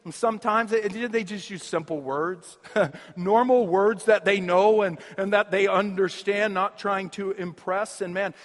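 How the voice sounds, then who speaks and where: Male preacher, sermon, humorous and animated, high-pitched, long hall reverb. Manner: animated, humorous, laughs often between points.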